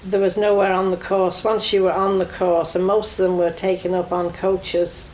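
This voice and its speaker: A woman's voice: on the low side, little pitch movement, normal speed, darkish tone, a little hiss or hum, poor audio. A woman recalling her childhood in a matter-of-fact way in an oral-history interview. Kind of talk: archive oral-history recollection.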